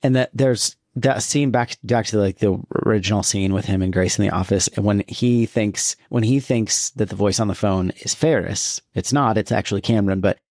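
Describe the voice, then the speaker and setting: A man's voice: on the low side, moderate pace, few pauses, darkish tone, no room sound, studio quality. Laid-back laughing male podcast co-host. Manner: laughs often, loose and swearing, trails off. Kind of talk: casual movie-review chat.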